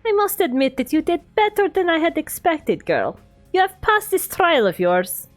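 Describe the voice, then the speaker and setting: A woman's voice: very high-pitched, very animated, normal speed, faint music behind. Woman putting on a stern game character with a mock Russian accent. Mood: grudging. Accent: put-on Russian.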